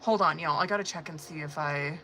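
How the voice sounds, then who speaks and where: A woman's voice: low-pitched, a little fast, bright, forceful tone, slight background noise. A woman giving tarot readings on a live stream in casual, profane, chatty talk that is full of laughs. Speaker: tarot reader.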